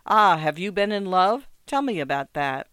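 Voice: mid-range voice, animated, normal speed, fairly bright tone, smooth, dry recording, lightly acted. A reader voicing a desperate, agitated man who talks in pressing, feverish questions in a story reading.

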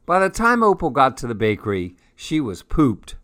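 A man reading a children's picture book aloud in a gentle, expressive way. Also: medium pitch, moderate pace. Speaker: storyteller.

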